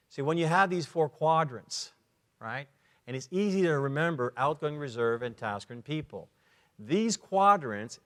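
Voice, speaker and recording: A man giving a lively talk at a men's conference, acting out short dialogues and sound effects as he explains. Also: on the high side. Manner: animated, acts out little dialogues and sound effects. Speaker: conference speaker. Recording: long reverb of a large hall.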